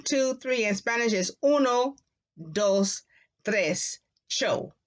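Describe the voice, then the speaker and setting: A woman teaching a Spanish class to young children, repeating words slowly in a sing-song way for them to echo. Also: medium pitch. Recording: dull lo-fi classroom recording.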